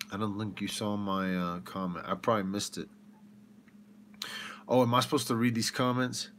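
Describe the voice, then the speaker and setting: A man hosting a livestream, ranting with rhetorical questions in an animated way. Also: on the low side, moderate pace, long pauses, a little hiss or hum. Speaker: livestream host.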